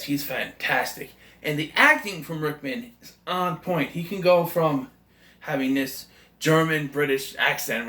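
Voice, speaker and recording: A man's voice: mid-range voice, bright, forceful tone, roomy sound. A man giving a casual, rambling, enthusiastic movie review, often correcting himself mid-sentence. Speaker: film reviewer.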